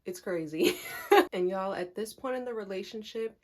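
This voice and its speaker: A young woman telling a candid storytime vlog, animated and talking straight to her viewers, laughing often. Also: mid-range voice, moderate pace. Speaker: vlogger.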